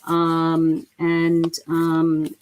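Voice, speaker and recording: A middle-aged woman giving a live psychic reading, speaking gently and emotionally with many pauses and fillers. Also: sits low, monotone. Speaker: psychic medium.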